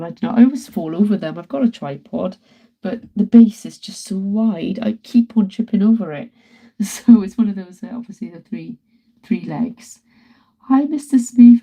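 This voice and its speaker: On a rough recording, a woman artist in her thirties works in her home art studio during a live stream. She chats casually, greets her viewers, and laughs often. Her voice is mid-range and dark in tone.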